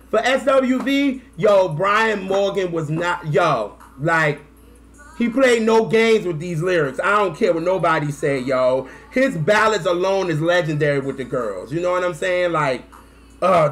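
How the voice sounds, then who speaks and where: Male fan vlogger, casual and slangy, excitable delivery, voice sitting a bit high. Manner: excitable and slangy, with bursts of whoops and laughter.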